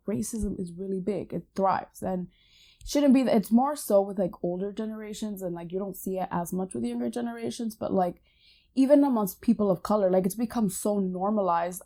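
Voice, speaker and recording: A young woman co-hosting a podcast and talking casually. She tells her stories in a chatty, relaxed way with plenty of filler words, and her voice sits at an ordinary middle pitch. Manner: storytelling, many "like" fillers. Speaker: podcast co-host. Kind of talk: casual chat.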